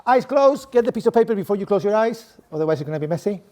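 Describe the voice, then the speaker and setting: A man's voice: high-pitched, expressive, rapid-fire, darkish tone. A middle-aged man with a Spanish accent, a professor giving a playful, interactive talk to a live audience, often checking in with "okay?". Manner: playful, chatty, tags lines with "okay?". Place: room with a seated audience at desks.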